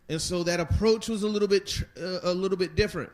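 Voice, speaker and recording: A man's voice: high voice, quick pace, few pauses, a little mellow. A man leading a Bible study lesson, talking conversationally and putting rhetorical questions to his listeners. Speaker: Bible teacher.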